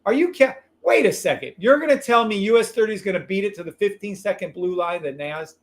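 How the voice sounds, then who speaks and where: High-pitched excitable man calling trades. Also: fairly quick. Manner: excitable, profane, shouting trade calls. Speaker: livestream trading host. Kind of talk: live trading stream commentary.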